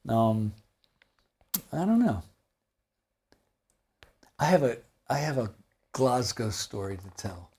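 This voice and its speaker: A man in his seventies talks through an interview in a husky, slightly breathy voice. He rambles from point to point and tells stories with animated asides and laughter, at a middle pitch for a man. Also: takes it slowly, pauses often. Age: 70s. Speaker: guitar maker and company founder. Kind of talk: casual interview storytelling.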